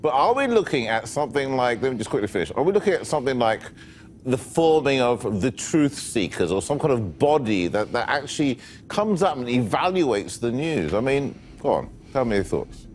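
A man interviewing a guest for a news broadcast, brisk and quick to cut in with his question. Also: mid-range voice, sing-song, darkish tone, slight background noise.

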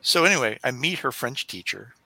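A middle-aged man chatting on a podcast with a very bright, forceful voice. His pitch swings widely as he jokes, laughs a lot and drifts into quick mock impressions. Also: very animated, vocal fry, slightly rough, no room sound, poor audio. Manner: jokey, laughs often, slips into mock impressions. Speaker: podcast co-host. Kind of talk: casual chat.

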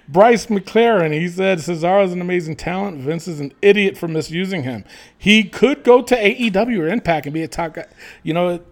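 Male podcast co-host, high and gravelly, animated and profane. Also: normal speed. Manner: animated, swearing, laughing often. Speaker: podcast co-host reading listener comments. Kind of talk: casual chat.

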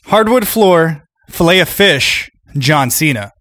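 Young guy cohosting a podcast, high bouncy voice, goofs around and laughs a lot. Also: expressive, fairly bright tone, no room sound, clean studio sound. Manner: joking, rambling, quick laughs. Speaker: podcast co-host. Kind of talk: casual chat.

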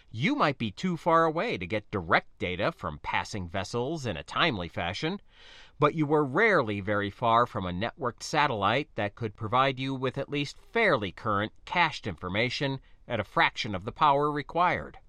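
A man giving an expressive, scripted first-person narration of a science-fiction story. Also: mid-range voice, no echo, clean studio sound.

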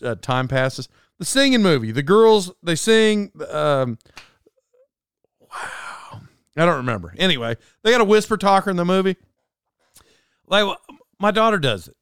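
A man hosting a comedy podcast alone, rambling through an animated monologue, often stopping and restarting mid-sentence. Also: a little high, clean tone, no room sound, studio quality. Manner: rambling, self-interrupting, animated. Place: alone in a room.

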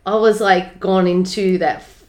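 An Australian woman co-hosting a podcast, her sentences tumbling out one into the next when she gets going. Her voice sits at an ordinary pitch. The room around her is echoey. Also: measured pace. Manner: excitable, words run together. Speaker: podcast co-host. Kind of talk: casual chat.

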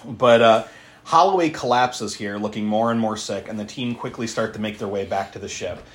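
A man hosting a podcast, recapping a film in casual chat, animated, laughing and swearing as he acts out the characters. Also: fairly low pitch, normal speed. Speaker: podcast host.

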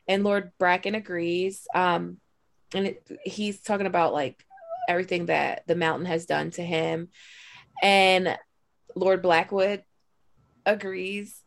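A woman's voice: fairly low pitch, steady tone, slow pace, gravelly, no room sound. A woman co-hosting a podcast who chats casually about a fantasy novel and reads passages aloud, with many fillers. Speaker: podcast co-host. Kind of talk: casual book discussion and reading aloud.

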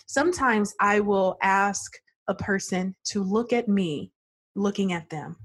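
A woman therapist with a soft, breathy voice, talking in a relaxed conversation. She tells stories with lively expression and slips into the voices of her clients as she describes them. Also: medium pitch, slow pace. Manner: expressive storyteller, acts out client voices, laughs often. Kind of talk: podcast conversation.

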